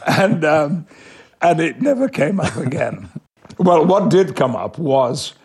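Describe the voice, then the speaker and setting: Older English man, very gravelly, husky, measured and emphatic, interview guest. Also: fairly high pitch, very animated. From England. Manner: measured, warmly emphatic, slows on key words. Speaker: guest, actor. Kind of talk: reflective interview answers.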